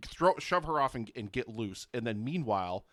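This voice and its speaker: A man's voice: mid-range voice, animated, moderate pace, pushed and bright, no echo, studio quality. A man playing along in a comedic story game, talking it through in a rambling, hesitant way with many restarts. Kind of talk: casual chat.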